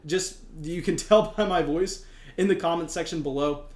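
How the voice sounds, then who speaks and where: Excited young man talking fantasy football. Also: a little high, moderate pace, reverberant. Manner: energetic and emphatic, repeats himself. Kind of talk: excited sports analysis monologue.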